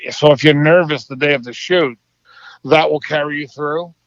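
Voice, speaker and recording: A middle-aged man with a Boston accent, a guest actor telling stories in a relaxed, easygoing interview chat. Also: on the high side, moderate pace, dry recording. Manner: easygoing, relaxed storytelling with soft laughs. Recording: slightly dull, dry podcast audio.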